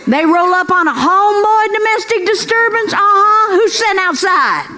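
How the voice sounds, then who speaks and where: An older woman doing a stand-up comedy set, a drawling storyteller who breaks into high-pitched character bits. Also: lively intonation, normal speed, sharp tone. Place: comedy club stage before a laughing audience. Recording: roomy club sound with audience noise.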